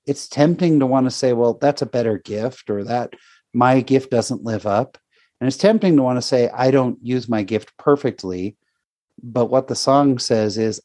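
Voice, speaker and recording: A man's voice: mid-range voice, unhurried, warm tone, no echo, studio quality. Earnest rambling male podcast host. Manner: heartfelt, rambling, restarts often. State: near tears. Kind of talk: casual faith conversation.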